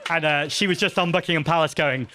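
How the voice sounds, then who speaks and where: A man's voice: on the high side, quick pace, pushed and bright. A man, a party leader, answering audience questions at a live festival Q&A in an earnest, chatty, self-deprecating way, with frequent ums and restarts.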